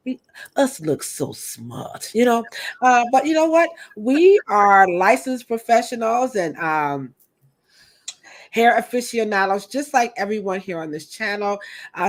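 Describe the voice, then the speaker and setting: A woman co-hosting a hair podcast in a chatty, animated way, turning often to her co-host. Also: medium pitch, unhurried. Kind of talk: casual podcast chat.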